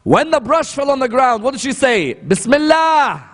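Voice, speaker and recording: A man's voice: very high voice, animated, brisk, a bit bright. A man giving a sermon lecture, telling a story and asking rhetorical questions that he then answers. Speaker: Islamic lecturer. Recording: long hall reverb.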